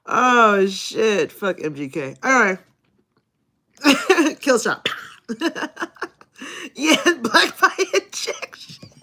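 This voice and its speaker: A woman streamer chatting live with a fairly high, very lively voice that swoops up and down. She talks at an easy, unhurried pace, laughs often and swears freely. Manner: laughs often, profane and animated. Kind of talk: casual live stream chat.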